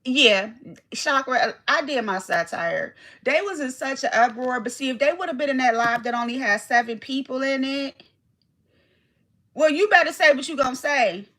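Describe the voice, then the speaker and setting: A woman's voice: high voice, moderate pace, fairly bright tone. A woman hosting her own livestream, chatting loosely with her viewers, reading their names from the chat, cursing freely and drifting from one point to the next. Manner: chatty, rambling, reads chat aloud, swears freely. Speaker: livestream host.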